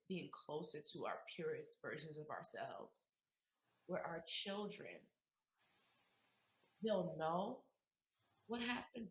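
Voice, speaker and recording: A woman from Queens, New York, telling a heartfelt personal story as an interview guest, emotional and emphatic, swinging between loud and hushed. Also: low-pitched, roomy sound, poor audio. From Queens, New York, USA. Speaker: guest, community activist.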